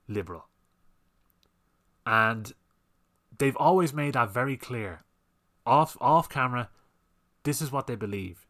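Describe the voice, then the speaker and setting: A man's voice: mid-range voice, a bit bright. A man hosting a solo podcast, ranting heatedly and swearing often as he complains. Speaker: podcast host.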